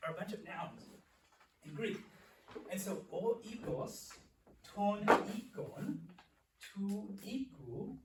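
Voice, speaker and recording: A young man teaching a Greek class in a church classroom, explaining patiently and repeating words slowly. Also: fairly high pitch. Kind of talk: classroom lecture. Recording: echoey room, distant mic, faint hiss.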